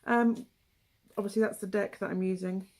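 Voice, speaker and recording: A woman's voice: medium pitch, steady tone, normal speed, darkish tone. A young woman with a West Country English accent giving a casual, rambling tarot reading, full of asides and ums. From England. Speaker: tarot reader.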